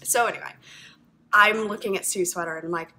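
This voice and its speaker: Woman, knitting vlog host, bright tense tone, chatty, rambling, gushing. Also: medium pitch, fairly even intonation, fairly quick. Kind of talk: casual chat to camera.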